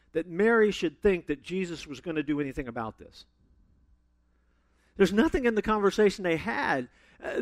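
Animated man preaching a sermon. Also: sits high, dry recording. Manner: animated storytelling with sudden loud emphasis.

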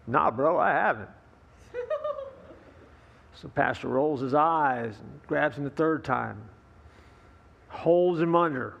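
A man's voice: medium pitch, vocal fry. Folksy storytelling male pastor. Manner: folksy storyteller with relaxed fillers and asides to the congregation. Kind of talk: sermon.

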